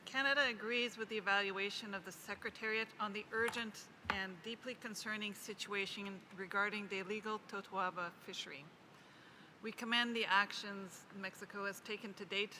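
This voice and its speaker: In a large conference hall with background noise, a woman with a medium-pitched voice speaks as a national delegate at a committee meeting. Her statement is formal and measured as she slowly reads out proposed text.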